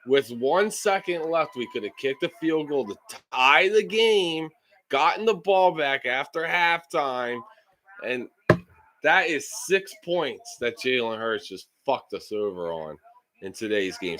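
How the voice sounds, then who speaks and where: A frustrated man on a sports live stream, venting and swearing at his team's mistakes. He speaks slowly, with a bright, tense edge to his voice. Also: mid-range voice. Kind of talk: live-stream game reaction.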